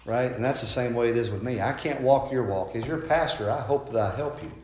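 A man's voice: mid-range voice, brisk, a little mellow, echoey room, a little hiss or hum. A man preaching a sermon as a pastor, conversational and folksy, often asking "right?" and restarting his words.

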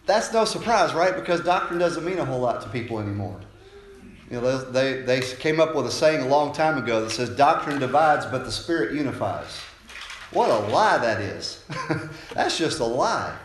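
A man's voice: medium pitch, expressive, normal speed. A man preaching a sermon in a conversational style, often checking in with listeners. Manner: conversational preaching, frequent "right?" tag questions. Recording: echoey room, faint noise.

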